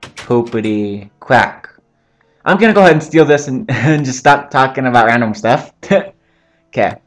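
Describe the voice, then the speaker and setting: A man's voice: mid-range voice, expressive, a little fast, faint music behind. A young man giving casual, joking commentary over his own gameplay, rambling between topics and swearing often. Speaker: gaming channel host.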